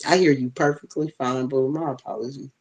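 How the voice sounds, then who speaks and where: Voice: mid-range voice, steady tone, brisk, darkish tone, poor audio. Chatty live-stream host fussing with the tech. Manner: chatty, talks straight to the chat, flustered by tech trouble; uses plenty of y'all and ain't. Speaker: livestream host teaching a class. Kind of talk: casual live-stream chat. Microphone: tablet with bone-conduction headphones.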